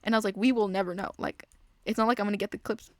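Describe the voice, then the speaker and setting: A young woman chats through meandering stories as she plays a game. She keeps cutting herself off and drifts into quiet muttered asides. Her voice sits at a middle pitch and sounds dry and close to the mic. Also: fairly even intonation, rapid-fire, dry recording. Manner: rambling, self-interrupting, trailing off into mutters. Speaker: gaming vlogger. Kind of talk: casual storytelling while playing a game.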